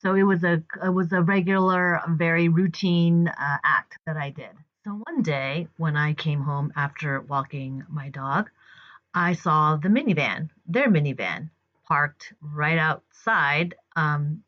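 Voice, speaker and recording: A woman's voice: sits low, a little slow. Chatty woman telling a story, lo-fi. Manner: chatty, fillers, acts out dialogue. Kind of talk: personal story told to camera. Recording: dull lo-fi recording.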